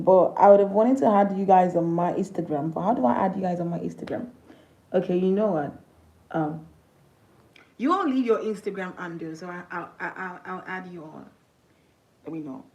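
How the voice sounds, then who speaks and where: A woman's voice: medium pitch, a little mellow, poor audio. Tearful young woman livestreaming. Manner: tearful, halting, grateful. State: crying. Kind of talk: emotional livestream to viewers.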